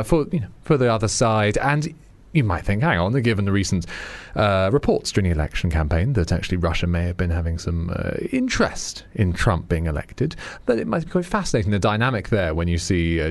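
A man with a lowish voice hosts a political talk radio show. He rambles in a chatty, wry way, stumbling over fillers and restarts. The sound is dry and close to a studio mic. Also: no room sound. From Britain. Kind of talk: radio monologue on current affairs.

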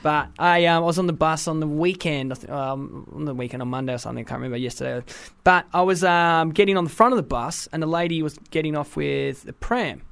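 A man's voice: fairly high pitch, fast talker, gravelly, hardly any pauses, fairly bright tone, smooth, no echo. An Australian man co-hosting a radio show, talking casually, swearing lightly and repeating himself.

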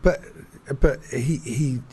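A man's voice: medium pitch, takes it slowly, dark tone, breathy edge. A man telling a story in casual chat, rambling, restarting his sentences often and laughing between them.

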